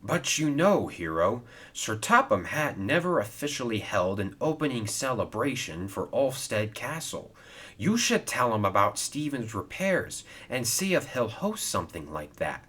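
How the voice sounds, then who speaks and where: A man's voice: medium pitch, sing-song, unhurried, sharp tone, breathy edge, exaggerated voice. A man voicing a sensible male engine who speaks thoughtfully.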